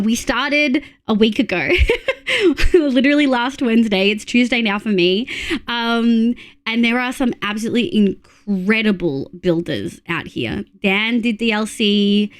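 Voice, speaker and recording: Chatty Australian woman streamer, higher voice. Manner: chatty, excitable, swears freely. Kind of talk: casual live-stream chat while gaming.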